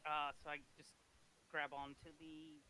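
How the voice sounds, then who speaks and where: A man's voice: on the high side, monotone, measured pace, bright, forceful tone, slight background noise, poor audio. A man playing a tabletop role-playing game, talking hesitantly and tripping over his words. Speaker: player.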